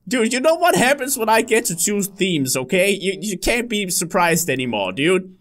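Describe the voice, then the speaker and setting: A man hosting a casual gaming video, excitable and quick to yelp and laugh at surprises. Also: sits high.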